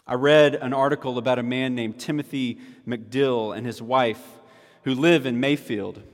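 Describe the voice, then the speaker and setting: A man preaching a sermon with emphatic repetition of key lines. His voice sits at a middle pitch and rings out with a long hall reverb, as in a church sanctuary. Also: fairly even intonation, normal speed. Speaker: pastor.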